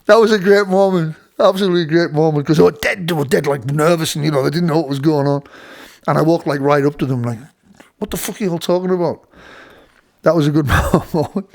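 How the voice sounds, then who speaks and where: A man's voice: on the high side, fast talker, creaky, a little mellow. A middle-aged man, telling a rambling studio story with many restarts and playful voice impressions. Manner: rambling, full of restarts, mimics voices with laughter. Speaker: host. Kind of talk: casual storytelling.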